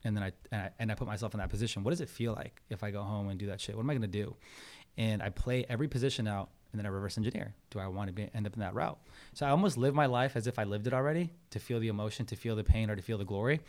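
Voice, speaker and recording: A man in his thirties telling a personal story in a casual interview, animated, acting out quotes and swearing freely. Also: lowish voice, rapid-fire. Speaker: podcast guest.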